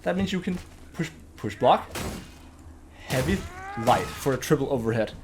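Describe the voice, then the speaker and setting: A man giving casual gameplay commentary as a channel host, thinking aloud, getting excited and swearing now and then. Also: mid-range voice, moderate pace, over music.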